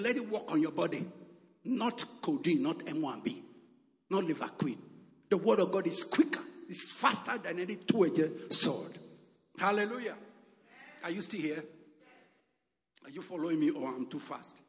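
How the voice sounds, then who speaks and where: A man's voice: high-pitched, lively intonation, moderate pace, pauses often, in a large hall. A man preaching a sermon with emphatic calls and repeated exclamations.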